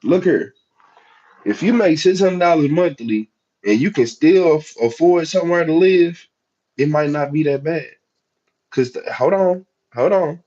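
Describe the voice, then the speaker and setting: A man's voice: on the high side, animated, a little slow, mellow, dull audio. Laid-back Southern man chatting on a livestream. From United States. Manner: chatty, laid-back, talks straight to chat. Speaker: livestream host. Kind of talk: casual livestream chat.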